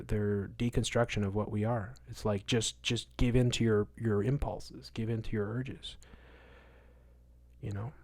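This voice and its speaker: A man's voice: on the low side, no room sound. Emphatic man ranting on a livestream. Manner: emphatic, moralizing, repeats words for stress; swings between loud outbursts and muttered asides. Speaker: livestream host answering chat. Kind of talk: casual livestream rant.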